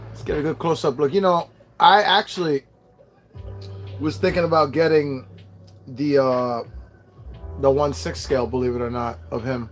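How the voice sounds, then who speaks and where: Chatty, cursing man with a fairly high voice. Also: steady tone, moderate pace, pauses often. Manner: rambling, profane, chatty with viewers. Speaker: host. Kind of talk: casual live unboxing chat. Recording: clear background music. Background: music.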